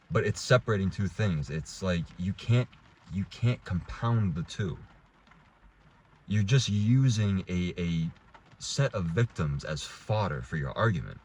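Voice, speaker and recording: A man's voice: deep voice, a little mellow, slight background noise. A young adult man giving a heated, rambling casual rant to camera, restarting and swearing as he talks. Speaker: vlogger.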